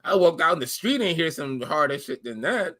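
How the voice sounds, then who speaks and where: A man's voice: fairly high pitch, sing-song, normal speed, fairly bright tone. A man co-hosting a podcast, talking in a casual, profane and teasing way. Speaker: podcast co-host. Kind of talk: casual rant chat.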